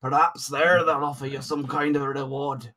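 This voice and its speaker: A man's voice: medium pitch, fairly even intonation, normal speed, bright, forceful tone. A man voicing a wary, blunt male dwarf miner with an attempted Scottish accent, saying aye and lad. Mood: gruff. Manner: folksy dialect with aye and lad.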